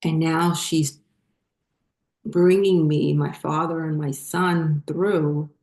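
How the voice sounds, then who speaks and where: A middle-aged woman hosting her own channel, telling her spiritual story in a halting, emotional way that chokes up at times. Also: deep voice, steady tone, a little mellow. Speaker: channel host. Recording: roomy echo.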